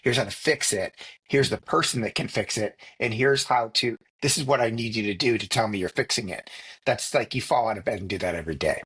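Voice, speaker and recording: Middle-aged guy, husky lowish voice, rambly storytelling on a podcast. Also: brisk, fairly bright tone. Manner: reflective storytelling with many restarts and fillers. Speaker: podcast co-host. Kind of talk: casual conversation.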